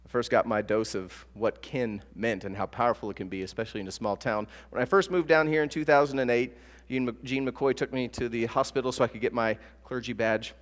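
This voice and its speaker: A man's voice: medium pitch, a little fast, hardly any pauses. Guy pastor giving a sermon, acts out little stories, big echoey church hall. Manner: animated storytelling with acted-out quotes. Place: church sanctuary. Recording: long church reverb with soft guitar.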